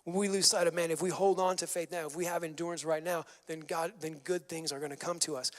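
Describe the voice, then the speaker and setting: A man's voice: high voice, quick pace. A male pastor preaching a sermon with energy, mixing scripture with casual slang asides. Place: church sanctuary. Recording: long hall reverb.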